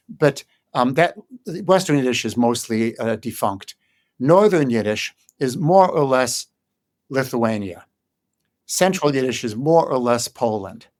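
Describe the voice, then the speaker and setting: An older man from Chicago, a guest scholar in an interview, explaining in a thoughtful way with frequent ums and pauses. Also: medium pitch. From Chicago, United States. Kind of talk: conversational interview.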